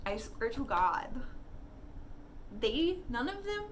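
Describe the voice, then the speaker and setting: Lively, high-pitched woman co-host, noisy recording. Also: takes it slowly. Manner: animated, swearing, laughing often. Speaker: podcast co-host. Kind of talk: casual movie-rant chat.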